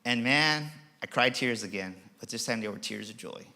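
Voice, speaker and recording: On an auditorium stage, a middle-aged emcee gives a passionate keynote built around a personal story, stressing his points and performing the voices he quotes. He speaks at normal speed in a mid-range voice that's pushed and bright, with some vocal fry.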